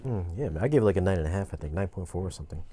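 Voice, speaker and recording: Easygoing male co-host, warm mellow tone, relaxed delivery. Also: deep voice, very fast, slightly rough. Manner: laid-back, easygoing agreement. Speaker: podcast co-host. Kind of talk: casual chat.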